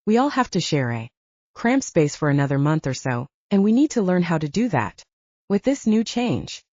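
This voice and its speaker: A woman narrator voices a steady male band manager in a romance audiobook. He talks in calm, placating tones, mellow and expressive. The sound is dry and slightly dull. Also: lowish voice, normal speed, no room sound. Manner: calm and reasoning.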